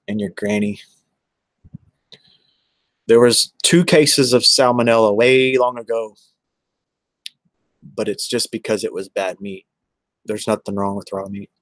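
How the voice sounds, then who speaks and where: A man's voice: lowish voice, dry recording. Rambling man in dry room. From Texas. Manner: rambling, chatty, answers viewers by name. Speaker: livestreamer. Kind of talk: casual livestream chat.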